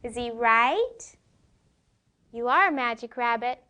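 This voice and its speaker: A woman teaches phonics to young children in a slow, drawn-out way. Her voice sits a little high. She keeps checking in with her listeners through questions. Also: animated, pushed and bright.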